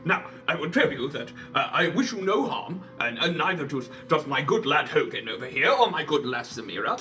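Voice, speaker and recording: Player man, high and lively, courteous in-character talk, sits back from the mic. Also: normal speed, recorded from a distance, soft background music. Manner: polite, formal and courteous in character. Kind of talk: in-character tabletop role-play.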